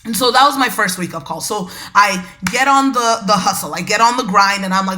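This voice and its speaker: A woman hosting a podcast, telling a personal story in a lively, conversational way and talking straight to her listeners. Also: mid-range voice, a little fast, hardly any pauses, a little hiss or hum. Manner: animated, conversational, addresses listeners as y'all. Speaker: podcast host.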